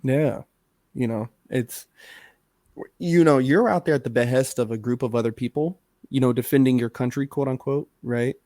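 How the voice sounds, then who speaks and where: A man's voice: mid-range voice, normal speed, mellow, dry recording, clean studio sound. A man co-hosting a podcast, talking in a rambling casual way with lots of fillers and swearing. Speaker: podcast co-host.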